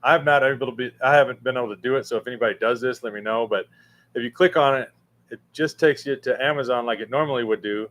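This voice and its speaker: Casual livestream host, male, middle pitch, halting and rambling, lots of fillers. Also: fairly bright tone. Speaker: livestream host answering chat. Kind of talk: casual live chat. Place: room with a fan running.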